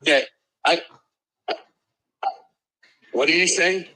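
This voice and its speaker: A man calling into a podcast in casual chat, excitable and stammering, often laughing. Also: fairly high pitch, very slow, rough recording.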